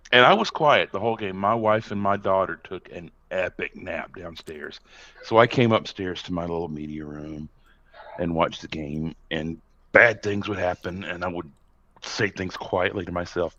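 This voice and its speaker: A man co-hosting a sports podcast in casual chat, telling animated stories with chuckles. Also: sits low, moderate pace. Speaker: podcast co-host. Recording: slightly dull, muffled sound.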